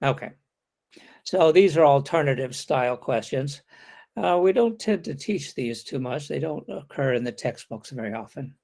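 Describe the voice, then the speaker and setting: A man delivering a webinar lecture over a video call, his voice at an ordinary, middle pitch for a man. He explains things patiently and step by step. Now and then he reads an example question aloud, shifting his intonation to show the contrast. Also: expressive, moderate pace, creaky, darkish tone. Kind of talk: online lecture.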